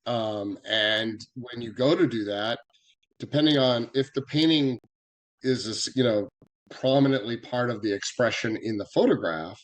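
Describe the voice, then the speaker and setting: A mid-pitched man from the West Coast explains legal practice on a podcast. He is earnest and practical, with frequent ums and small restarts as he talks. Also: moderate pace. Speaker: copyright expert guest.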